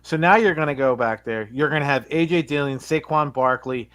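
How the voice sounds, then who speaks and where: A man co-hosting a podcast, chatting casually about football, excitable and full of laughter. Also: on the high side, brisk, clear, resonant tone. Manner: excitable, laughs a lot, repeats words when keyed up. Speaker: podcast co-host. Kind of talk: casual sports chat.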